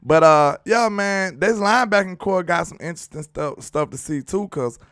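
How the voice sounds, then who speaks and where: A man's voice: high-pitched, moderate pace, a bit bright, clear, resonant tone, dry recording, studio quality. A young man hosting a casual sports chat, laid-back, laughing often and using dialect slang. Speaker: sports show host.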